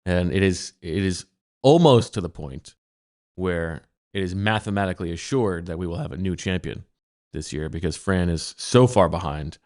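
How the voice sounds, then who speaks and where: Deep-voiced deadpan male podcast co-host. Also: moderate pace. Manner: flat, deadpan delivery. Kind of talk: casual sports chat.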